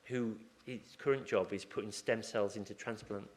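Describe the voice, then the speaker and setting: A man's voice: on the low side, fairly even intonation, normal speed. Chatty man telling hospital anecdotes. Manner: chatty, anecdotal, acts out ward conversations. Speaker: acupuncturist in a hospital surgery team. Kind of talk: conference talk with questions from the floor.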